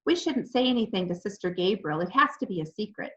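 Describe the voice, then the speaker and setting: A woman's voice: medium pitch, lively intonation, quick pace, lightly acted. A woman reading aloud, voicing a firm, bossy young schoolboy who gives orders. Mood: eager. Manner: firm, commanding. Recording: dull lo-fi recording.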